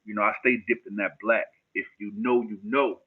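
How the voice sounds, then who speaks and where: A man's voice: lowish voice, fairly even intonation, normal speed, breathy edge. A man from New Jersey casually chatting with viewers on a livestream in loose street slang, answering their questions. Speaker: livestream host. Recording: phone-like narrow band.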